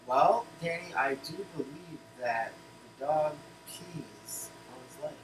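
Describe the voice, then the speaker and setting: A man with a slightly raised voice gives short, matter-of-fact answers while co-presenting a cartoon pitch. Faint noise sits behind him. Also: takes it slowly, reverberant, far from the mic. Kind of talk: casual comedic pitch chat.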